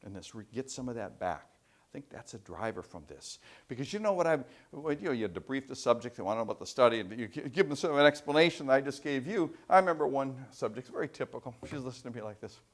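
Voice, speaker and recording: A man giving a university lecture, telling anecdotes in an animated way with frequent restarts. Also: medium pitch, fast. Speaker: professor giving a guest lecture.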